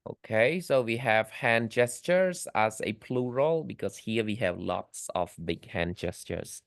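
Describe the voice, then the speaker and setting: A male English teacher with a slightly low voice, explaining presentation vocabulary to a class. He talks patiently and repeats key phrases slowly so learners can follow. The sound is close and dry, with no room echo. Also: expressive, creaky.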